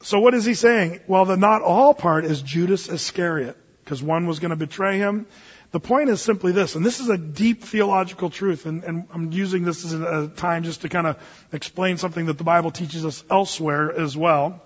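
A man's voice: high voice, moderate pace, breathy edge, big-room sound, muffled recording. A man preaching a sermon in a conversational, joking way, with sudden emphatic bursts. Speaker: pastor.

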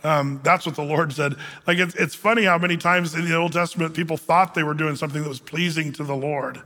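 A man's voice: on the high side, steady tone, a little fast, pushed and bright, long reverb tail. A man who is a pastor, preaching a verse-by-verse sermon in a conversational, joking way with many fillers.

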